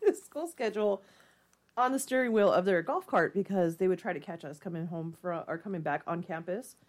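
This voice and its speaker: A woman's voice: lowish voice, expressive, a little fast, darkish tone. A woman co-hosting a casual podcast chat, candid and wry, laughing often. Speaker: podcast co-host.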